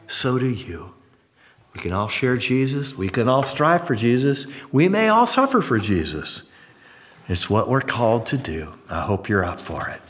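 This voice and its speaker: Animated preacher in a reverberant hall. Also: male voice, medium pitch. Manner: animated storytelling, acting out voices. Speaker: pastor. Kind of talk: sermon.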